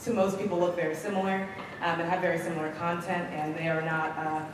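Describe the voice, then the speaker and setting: A woman's voice: on the low side, little pitch movement, fast talker. A woman from Kentucky in the audience asking a friendly, slightly nervous, rambling question. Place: large convention hall. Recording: echoey hall from far off, noisy.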